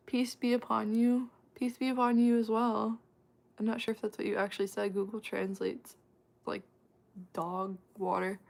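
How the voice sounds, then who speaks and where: A woman streamer at a mid pitch in loose, chatty talk with her viewers. She speaks slowly and unhurried, with frequent laughs and quick asides. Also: level tone, gravelly, a little mellow. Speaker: livestream host answering chat. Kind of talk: casual livestream chat.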